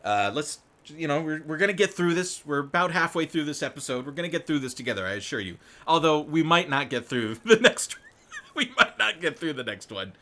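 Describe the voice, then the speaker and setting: Animated, bright-voiced male commentary host. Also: fairly high pitch, fairly quick. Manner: animated, rambling, laughs often, swears; reads news aloud and breaks in with commentary. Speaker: show host. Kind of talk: live political commentary.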